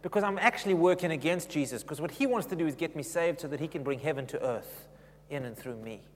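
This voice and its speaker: Animated preacher, slightly high man's voice. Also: fast. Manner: animated, conversational, asks the congregation questions. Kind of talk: sermon. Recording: long echoey reverb of a hall.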